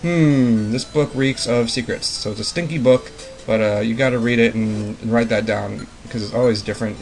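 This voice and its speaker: A man's voice: medium pitch, poor audio. A man hosting a let's play, rambling through casual commentary with playful puns and jokes. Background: game music.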